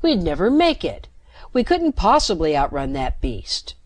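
A reader voicing Jennifer, an urgent, bold young woman shouting high. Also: wildly swooping pitch, a little slow, no room sound.

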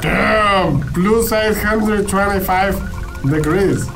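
High-voiced playful male gamer. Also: slow, vocal fry, noisy background. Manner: playful, dramatic, jokey. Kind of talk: playful game commentary. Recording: game music behind the voice.

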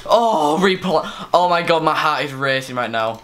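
A young man giving excitable, sweary live commentary over a game, yelling one moment and groaning the next. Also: a little high, a little slow, a little hiss or hum. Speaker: gaming streamer.

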